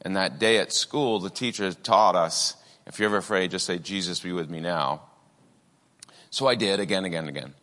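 A man's voice: low voice, normal speed, bright, forceful tone, in a large hall. A man preaching a sermon in a conversational way, with many asides and fillers. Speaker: pastor.

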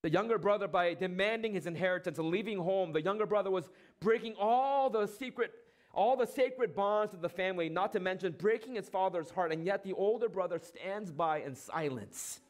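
A man preaching a sermon, asking rhetorical questions, using dramatic pauses and acting out quoted lines. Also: sits high. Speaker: pastor.

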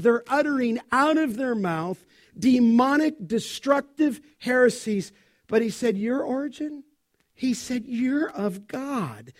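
A man's voice: very high voice, a little mellow. A middle-aged male pastor preaching an expository sermon, stressing key words and asking the congregation questions.

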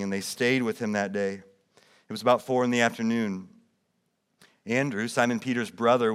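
A man preaching a sermon, reading scripture aloud and explaining it, rising in emphasis and then dropping quiet. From United States. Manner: drops soft and low when quoting quiet words. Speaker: pastor.

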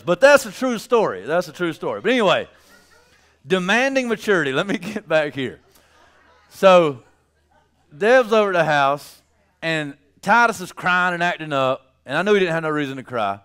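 A man preaching a sermon, telling stories about his children, laughing at his own tales and building to loud emphasis. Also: high-pitched, very animated, moderate pace, smooth. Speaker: pastor.

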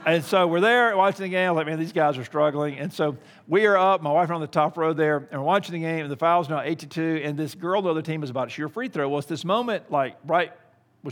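A man's voice: fairly high pitch, long reverb tail. A middle-aged man preaching a sermon, telling a story and then building into emphatic preaching.

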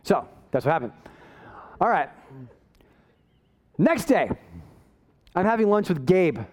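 A man's voice: sits high, very animated, slow, darkish tone. A man preaching a sermon, telling a self-deprecating story in a conversational way before building to emphatic preaching. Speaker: pastor.

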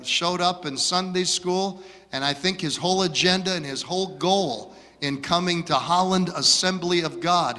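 A man from Michigan telling stories from his childhood as a preacher, dramatic and swinging from hushed to loud. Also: fairly high pitch. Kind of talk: storytelling sermon. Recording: long hall reverb.

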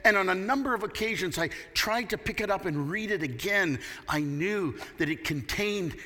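A man's voice: sits high, animated, normal speed, bright, forceful tone, in a large hall. A man preaching a sermon from Canada, earnest and building to emphatic peaks. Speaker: pastor.

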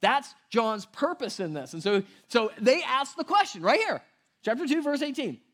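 A male pastor preaching in a loose, conversational way, often slipping into voices for the people in the story. His voice sits high and swings widely in pitch. He sounds lively and talks like a friend rather than from a script. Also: moderate pace. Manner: animated, conversational, acts out voices in quotes. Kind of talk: casual sermon.

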